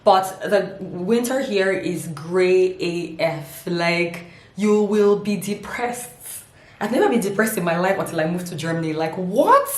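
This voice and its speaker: A playful woman vlogger with a somewhat low voice talks straight to her camera, laughing often and stretching words out for comic effect. The sound bounces around an echoey room at home. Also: expressive, measured pace. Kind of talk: humorous casual vlog.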